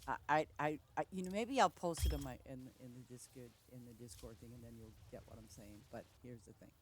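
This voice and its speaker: A woman's voice: very deep voice, brisk. A woman game streamer chatting casually while she plays, rambling through stories with lots of laughter and restarts. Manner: rambling storyteller, frequent laughing, self-interrupting. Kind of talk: casual livestream chat while playing a farming game.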